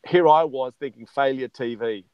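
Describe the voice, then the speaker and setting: A man's voice: medium pitch, normal speed, clean tone, dry recording, dull audio. A man, a guest in a casual interview, talking with enthusiasm and calling the host "mate". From Australia. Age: 50s. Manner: enthusiastic, says "mate" often. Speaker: chocolatier guest.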